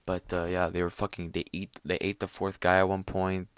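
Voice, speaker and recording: A man's voice: low-pitched, completely flat delivery, normal speed, smooth. A young man hosting a casual solo talk show, rambling with lots of fillers and heavy swearing. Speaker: podcast host.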